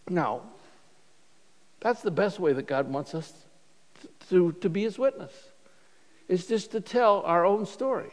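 A man with a high voice preaches a sermon to his congregation, conversational and prone to restarting his sentences. His words ring out with a long reverb from the church hall around him. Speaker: pastor. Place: church sanctuary.

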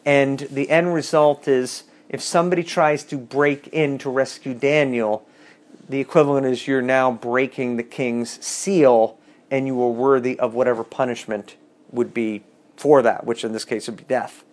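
A man's voice: medium pitch, fairly even intonation, normal speed. A man teaching a casual bible class, reading scripture aloud and adding wry, chatty asides.

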